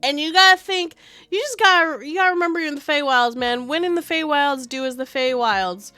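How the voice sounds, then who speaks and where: A woman streamer chatting casually, telling a rambling, animated story about a game session, full of fillers. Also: high-pitched, fairly quick, dry recording.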